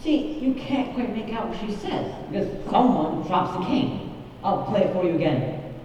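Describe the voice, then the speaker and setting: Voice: medium pitch, animated, moderate pace, heavy background noise, lightly acted. A young stage actor playing a wistful middle-aged man who confides in the audience. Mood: confiding. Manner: confiding, musing asides to the audience. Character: wistful middle-aged male musical fan. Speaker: narrator. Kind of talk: stage musical acting. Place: theater stage. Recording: dull, echoey stage hall from far off.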